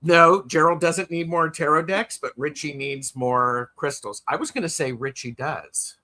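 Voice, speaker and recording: Slow-talking guy with a bright voice, playful tarot stream cohost on a video call, keeps restarting his sentences. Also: on the high side. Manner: chatty and playful, trailing off and restarting. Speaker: co-host of a tarot livestream. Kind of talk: casual live chat.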